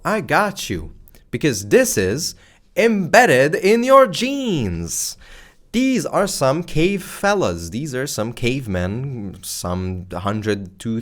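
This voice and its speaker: A man teaching video creators in a loud, playful, deliberately exaggerated way, speaking close to a microphone. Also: on the low side. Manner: animated and casual, slangy, exaggerated excitement. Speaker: YouTube creator teaching strategy. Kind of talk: energetic talking-head lesson. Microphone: close microphone facing camera.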